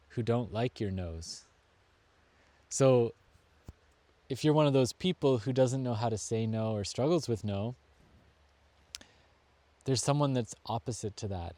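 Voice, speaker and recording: Warm-voiced man giving an earnest self-help talk. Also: medium pitch, no room sound. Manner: earnest, deliberate, leans on key words. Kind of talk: reflective motivational talk to camera.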